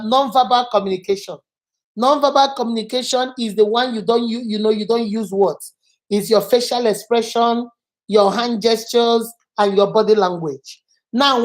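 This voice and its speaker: Woman host, somewhat high voice, probing questions, casual chat. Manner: probing, repeats and sums up answers.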